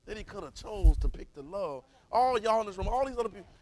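A man, teaching a Bible class in a preaching style, calling for responses and swinging from soft to loud. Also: sits high, animated, fairly quick, few pauses, rough recording.

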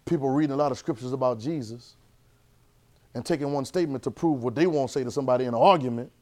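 A man teaching a church Bible class, lively and conversational, repeating phrases and asking the class questions. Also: mid-range voice, quick pace.

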